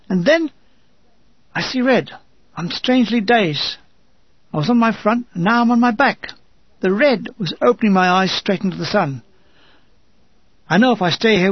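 A man's voice: high voice, husky, no room sound, dull audio. A man narrating his own wartime memoir in a dry, wry voice that turns urgent and shaken. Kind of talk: first-person wartime memoir reading.

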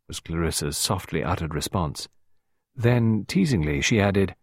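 Brief: male narrator, lowish, husky voice, lively intonation, measured storytelling. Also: no echo. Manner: measured, expressive, dips low on dialogue tags. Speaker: audiobook narrator. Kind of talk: scripted narration.

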